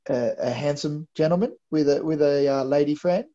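A warm, somewhat high-pitched male voice at a moderate pace belongs to a co-host of a wrestling recap show. He chats casually, musing aloud with stammered restarts, on a slightly dull lo-fi recording.

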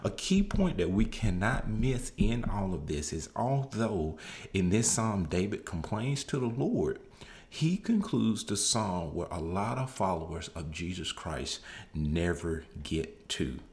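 Man, preacher, gravelly low voice, lively pitch, earnest sermon, repeats phrases. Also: a little slow. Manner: earnest, repeats phrases for emphasis, rises when exhorting.

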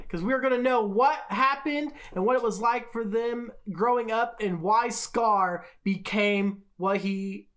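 A woman's voice: fairly high pitch, measured pace, hardly any pauses. A woman co-hosting a podcast in casual chat, rambling and filling her sentences with "like" and "you know.". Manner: chatty, rambling, lots of fillers like "like" and "you know". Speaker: podcast co-host.

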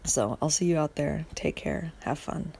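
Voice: medium pitch, normal speed, vocal fry, darkish tone, breathy edge. A podcast host rambling through a casual solo monologue, just woken up and groggy, swearing freely and losing the thread.

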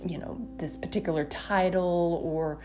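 Woman, preacher, earnest emotional sermon, lowish voice, clear music behind. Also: fairly even intonation, a little slow, mellow.

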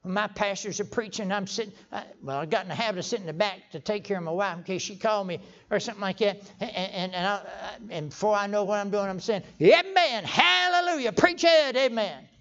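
Folksy older preacher, stammering. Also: male voice, high voice, steady tone, fast talker, hardly any pauses. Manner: folksy storytelling, stammering restarts, sudden emphatic outbursts. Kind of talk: folksy sermon. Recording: dull lo-fi sermon recording.

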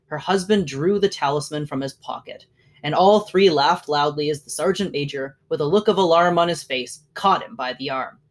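A narrator reading a classic short story aloud in a measured way, letting lines trail off. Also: medium pitch.

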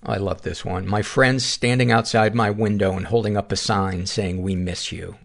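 A middle-aged man with a fairly low, gravelly voice reads short listener notes aloud. He drops dry, wry comments between them, the easy manner of a podcast host. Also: steady tone, normal speed. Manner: wry asides between readings. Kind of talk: reading listener submissions aloud.

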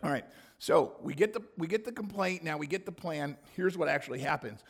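A man preaching a sermon with a hoarse voice, reading scripture and acting out the people's complaints in sudden loud, high bursts. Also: brisk. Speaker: pastor.

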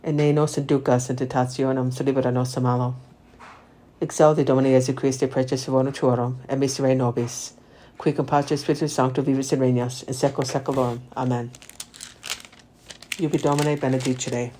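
A man reciting the Divine Office, reading psalms and lessons in a steady liturgical recitation. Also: medium pitch, brisk, a little hiss or hum. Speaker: prayer leader.

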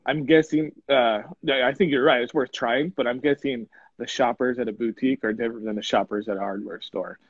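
A man's voice: mid-range voice, fairly even intonation, brisk, hardly any pauses, breathy edge, no echo, highs cut off. A man who owns a hardware store, chatting easygoingly as a guest and laughing often. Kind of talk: casual interview chat.

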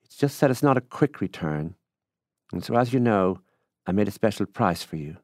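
Man doing a folksy farmer guy, louder and higher than his own voice, coaxing, keeps saying ma'am. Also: animated, normal speed, dry recording, clean studio sound. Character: genial, persistent middle-aged male country farmer.

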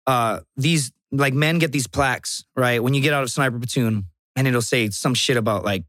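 Profane, animated storyteller man from Texas. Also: medium pitch, normal speed, no echo, studio quality. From Laredo, Texas. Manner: profane, animated storyteller who acts out quotes. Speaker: guest, stand-up comedian and former Marine. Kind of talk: casual podcast storytelling.

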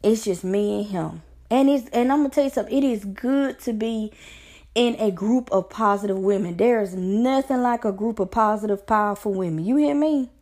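A woman's voice: on the high side, brisk, a little mellow. A woman life coach giving an earnest, preacher-like pep talk on faith, repeating phrases for emphasis. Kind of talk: motivational faith talk to camera.

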